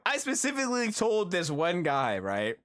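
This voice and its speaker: A man's voice: high voice, normal speed. A man live streaming, telling stories in a casual, slangy way, swearing freely. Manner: animated, slangy, swears freely, breaks into laughter. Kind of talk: casual storytelling chat.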